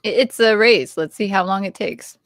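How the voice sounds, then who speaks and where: A woman's voice: mid-range voice, normal speed, dry recording, studio quality. A woman co-hosting a casual livestream chat in a playful, easygoing way, laughing often, talking over an online call. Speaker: co-host.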